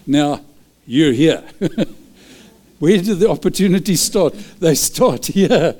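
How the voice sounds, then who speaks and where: A male pastor preaching a sermon, lively and chuckling, driving points home with short repeated calls to act. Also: a little high, slow pace, pauses often.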